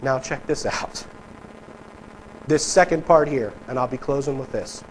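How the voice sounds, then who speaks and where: A man's voice: mid-range voice, measured pace, a little hiss or hum, rough recording. A man preaching a sermon in a conversational, emphatic way, talking with his congregation and reading quotes aloud. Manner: conversational, emphatic, mock voices for politicians. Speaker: pastor. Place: church sanctuary.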